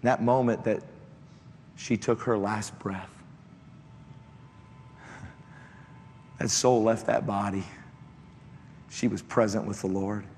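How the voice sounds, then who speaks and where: A man preaching a sermon built on a personal testimony, telling the story in an impassioned way that climbs into shouted appeals. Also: lowish voice, level tone, takes it slowly, pauses often. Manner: impassioned, rising to shouted exhortation. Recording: echoey hall, faint background noise.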